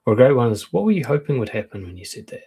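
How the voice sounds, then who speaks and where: A man's voice: mid-range voice, big pitch swings, racing, gravelly, mellow, breathy edge. A man coaching on relationships in a live-streamed talk, frank and conversational, acting out quoted comebacks.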